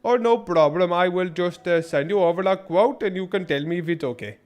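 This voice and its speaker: A man's voice: high voice, brisk, darkish tone, lightly acted. A streamer putting on an Indian-accented voice for a mock scammer posing as a woman artist, exaggerated and overly polite. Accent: Indian English, put on.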